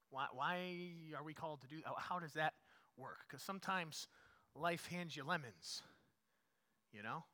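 A man leads his congregation through a sermon as pastor. His voice sits a touch high and rings bright and forceful. He drives repeated phrases to loud emphatic peaks, then sinks into low, hushed asides. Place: church.

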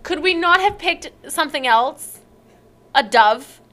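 A woman's voice: sits high, expressive, unhurried, pushed and bright. A woman in casual chat, reading poems aloud and picking them apart with wry, playful criticism. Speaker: co-host.

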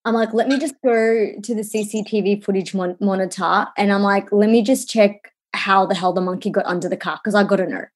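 A woman, co-hosting a casual podcast and telling animated stories with casual swearing. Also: mid-range voice, a little fast, few pauses. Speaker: podcast co-host. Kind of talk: casual chat.

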